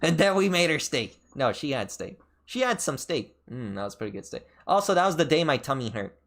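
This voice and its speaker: A man streaming a casual chat, telling a rambling story full of fillers and restarts, his pitch jumping sharply up and down. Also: very animated, fairly quick, a bit bright. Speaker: VTuber streamer.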